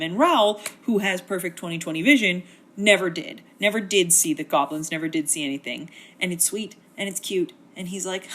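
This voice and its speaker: A woman's voice: on the low side, normal speed, a bit bright. Wry chatty woman narrating a synopsis. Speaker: host. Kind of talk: comedic book synopsis narration.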